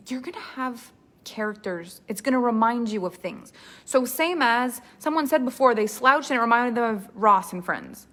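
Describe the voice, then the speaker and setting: A woman storytelling coach teaching a live online workshop in an animated, expressive way, laughing often. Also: a little high.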